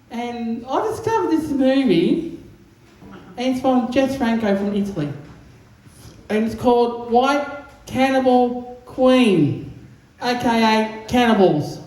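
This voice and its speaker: A man's voice: very high-pitched, a little mellow. Crude rambling stand-up man. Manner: crude, rambling, mimics sounds. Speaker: stand-up comedian. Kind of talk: open mic stand-up set. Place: comedy room on stage. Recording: very echoey room, faint background noise.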